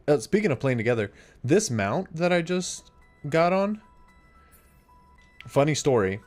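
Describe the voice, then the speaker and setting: A man's voice: on the high side, big pitch swings, a little slow, long pauses, darkish tone, faint music behind. A young adult man streaming a game, chatting casually and reacting aloud to what happens on screen. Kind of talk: casual live-stream chat while gaming.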